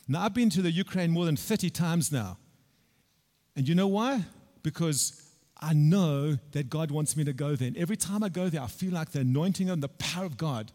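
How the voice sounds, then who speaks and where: A man preaching a sermon in a church, telling a personal story with repeated phrases and loud bursts of emphasis. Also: a little high. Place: church hall. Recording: long reverb from a large hall.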